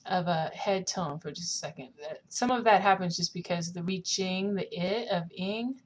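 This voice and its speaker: A woman's voice: on the low side, moderate pace, slight background noise. A young woman teaching a singing lesson, explaining technique and singing short lines to demonstrate. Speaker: vocal coach.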